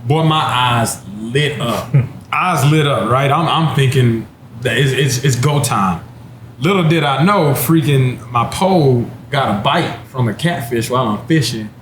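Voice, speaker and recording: A man's voice: medium pitch, a little slow, fairly bright tone, slight background noise. A former pro running back in his thirties from Texas, telling a casual story at a wine bar and laughing often. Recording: roomy with faint ambience.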